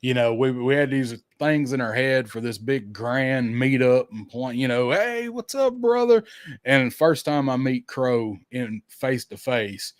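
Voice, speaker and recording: A man's voice: mid-range voice, a little slow, few pauses, no room sound, studio quality. A man with a Southern US accent co-hosting a podcast, telling stories in casual chat, swearing freely and acting out what people said. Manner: animated storyteller, swears freely, acts out quotes. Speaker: podcast co-host.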